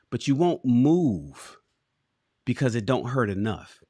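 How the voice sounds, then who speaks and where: Animated man reading on a livestream. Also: mid-range voice, no room sound, studio quality. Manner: animated, preachy storyteller, riffs on his reading. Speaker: livestream host reading a book. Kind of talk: reading a book aloud with livestream commentary.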